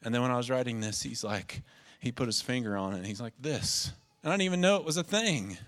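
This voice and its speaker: A man's voice: medium pitch, lively intonation, quick pace, a bit bright. A man preaching as a pastor, earnest and emotional, repeating phrases for emphasis. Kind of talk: sermon.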